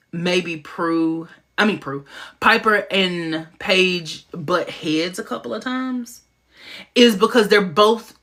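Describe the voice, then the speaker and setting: Commentating casually on a TV show during a live stream, a woman speaks quickly and with excitement, breaking into abrupt high-pitched asides.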